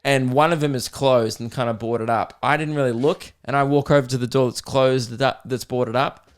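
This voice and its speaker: A man's voice: steady tone, moderate pace. A young Australian man hosting a comedy podcast, telling a story casually, swearing and laughing as he goes. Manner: swearing, laughing, mimicking kids in a high voice.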